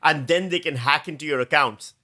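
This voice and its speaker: A man's voice: on the high side, a little fast, pushed and bright. A middle-aged man from Pakistan, a comedian co-host in casual chat, often laughing at himself. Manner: laughs often, self-deprecating.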